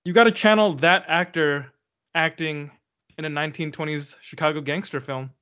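A man's voice: fairly high pitch, fairly even intonation, normal speed, pushed and bright, smooth, highs cut off. A man co-hosting a casual comics podcast, joking and teasing his partner in friendly banter. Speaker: podcast co-host. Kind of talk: casual chat.

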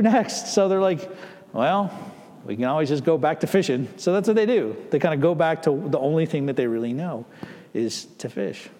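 A man's voice: on the high side, a little mellow, in a large hall. A man preaching a sermon as a pastor, speaking conversationally and acting out the people in the story. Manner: conversational, acting out quoted voices.

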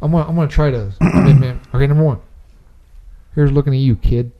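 A man's voice: fairly high pitch, a little fast, creaky, slight background noise. A man hosting a casual movie quiz among friends, reading out clues playfully. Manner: animated, reads clues playfully. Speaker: quiz host.

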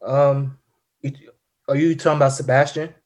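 A man interviewing a guest, asking halting questions with fillers. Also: mid-range voice, steady tone, darkish tone. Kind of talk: casual interview.

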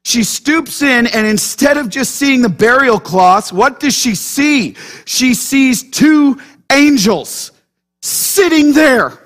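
A man preaching a sermon as pastor, animated and quizzing his congregation with frequent questions. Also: very high-pitched, slow. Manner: animated, keeps checking in with the congregation through questions.

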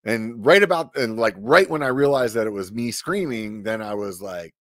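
A middle-aged man telling a story casually on a podcast, animated, with lots of filler words and cursing. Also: lowish voice, moderate pace, dry recording, clean studio sound. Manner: animated, swearing, many "like" fillers. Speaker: podcast guest.

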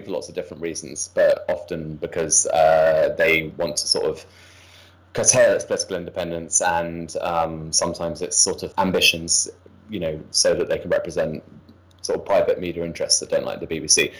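A man with a standard southern English accent, a guest explaining his views in relaxed conversation, thoughtful and hedging with many fillers. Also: sits low, low-quality recording. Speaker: guest commentator.

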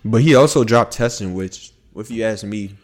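A man co-hosting a podcast in casual chat, thoughtful and relaxed, often hedging his views. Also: fairly low pitch, moderate pace. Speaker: podcast co-host.

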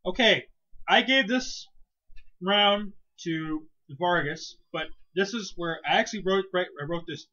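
Man, high bright voice, profane animated ranting, casual podcast chat, dull lo-fi sound. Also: unhurried. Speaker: co-host.

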